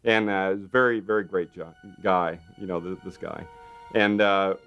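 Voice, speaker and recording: A man recounting effects work in an interview, animated and full of fillers, acting out what others said. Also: deep voice, measured pace, clean tone, lo-fi sound, faint music behind. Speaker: makeup effects artist interviewee. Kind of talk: documentary interview anecdote.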